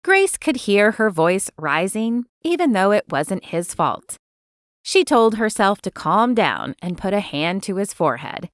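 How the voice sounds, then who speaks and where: A woman narrating a romance audiobook in an expressive storytelling manner, recorded close to the mic. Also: mid-range voice, a little slow, no room sound. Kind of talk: scripted narration.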